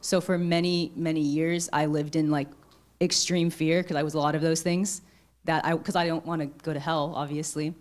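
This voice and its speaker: A woman's voice: low-pitched, flat delivery, moderate pace, a little mellow. A woman in a church congregation asking the pastor a question, speaking hesitantly and rambling with many fillers.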